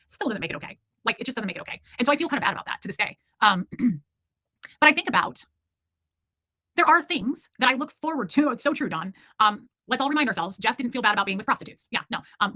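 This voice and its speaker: Brief: woman, 40s, livestream host; very quick, bright, candid and rambling chat, dry close mic. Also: a little high, no room sound. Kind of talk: casual livestream chat reading comments.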